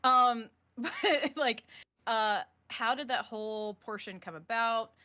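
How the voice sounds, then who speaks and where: A woman hosting a casual live-stream interview. She gushes, laughs easily and rambles through her questions. Her voice is bright and forward. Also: fairly high pitch, slow. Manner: chatty, laughing, gushing, asks rambling questions. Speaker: host.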